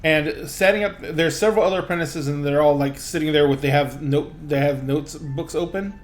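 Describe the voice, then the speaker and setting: A man narrating as game master of a tabletop game, halting with fillers and self-corrections. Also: a little high, fairly even intonation.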